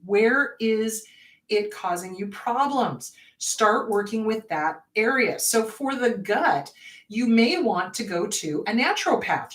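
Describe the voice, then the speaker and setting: A woman therapist hosting a show, talking casually and acting out panicked inner voices as she explains. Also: a little high. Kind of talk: casual educational talk. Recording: roomy echo, distant from mic.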